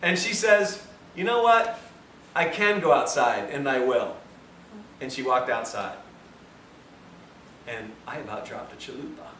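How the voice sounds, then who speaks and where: A man giving a health lecture, telling a story with a lively, self-mocking manner to a room of listeners. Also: medium pitch, measured pace, long pauses. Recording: roomy, distant mic, faint hiss.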